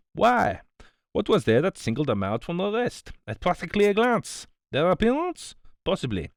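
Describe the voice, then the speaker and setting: A man's voice: mid-range voice, no room sound, studio quality. A man voicing a fussy, smug older detective, politely reproving, in an audiobook. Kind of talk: audiobook character voice.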